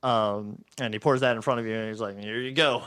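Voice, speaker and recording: A man's voice: lowish voice, fairly even intonation, fast, a bit bright, clear, resonant tone. A man running a tabletop game as game master, narrating in a rambling, hesitant way with frequent laughs.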